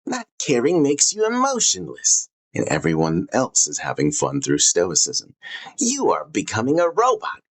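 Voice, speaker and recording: A man's voice: medium pitch, huge pitch swings, moderate pace. A man voicing a would-be abuser who taunts his target with scornful insults. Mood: taunting. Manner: sneering, taunting.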